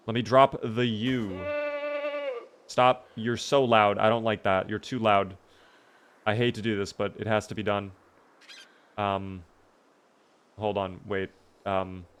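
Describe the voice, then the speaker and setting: A man's voice: fairly low pitch, a bit bright, clean tone. A man streaming a video game live, chatting upbeat with his viewers as he plays. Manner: upbeat, chatty, talks to himself and chat.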